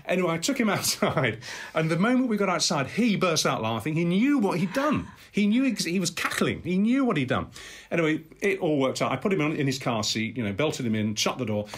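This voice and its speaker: An older man, a guest on a podcast interview, telling family anecdotes in an animated way, with many restarts and acted-out voices. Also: fairly high pitch, fairly quick, slight background noise. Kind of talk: anecdotal storytelling.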